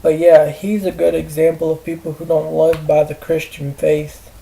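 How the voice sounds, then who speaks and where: A man ranting to camera in a rambling, profane way, halting with fillers and restarts. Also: a little high, level tone, creaky, mellow, poor audio. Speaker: vlogger. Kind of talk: rambling personal rant.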